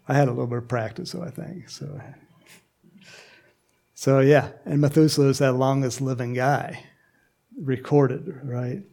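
A man's voice: a little high, darkish tone. A man preaching a conversational sermon as pastor, talking directly to the congregation and acting out little voices to make his points.

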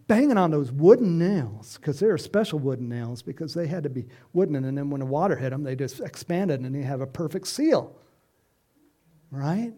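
A middle-aged man preaching an informal sermon, animated and chatty, acting out voices and chuckling as he speaks to the congregation. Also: high voice, normal speed. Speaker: pastor.

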